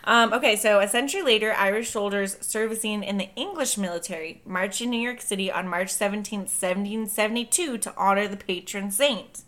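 Brief: woman podcast host, bright forceful tone, swears freely, jokey. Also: mid-range voice, fairly quick, hardly any pauses. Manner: loose, profane, jokey storytelling. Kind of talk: casual chat, reading history notes.

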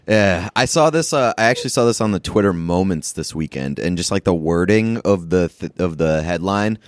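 Sarcastic podcast dude, lowish voice that swings all over, dry mic. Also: male voice, moderate pace, dry recording. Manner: sarcastic, laughs a lot, lively. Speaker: podcast co-host. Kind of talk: casual chat.

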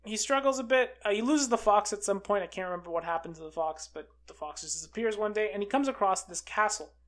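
A film reviewer recapping a movie in a casual, excitable way, full of fillers like "uh" and "like". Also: mid-range voice, quick pace. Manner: chatty and excitable, with many fillers like "uh" and "like".

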